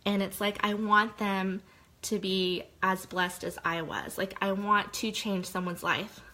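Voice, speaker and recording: A woman's voice: mid-range voice, fairly even intonation, unhurried, bright, forceful tone, poor audio. Young woman, mid-height voice, open and heartfelt testimonial, chatty and rambling. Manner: candid, heartfelt, rambling with lots of "like". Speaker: direct-sales consultant. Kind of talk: personal testimonial monologue.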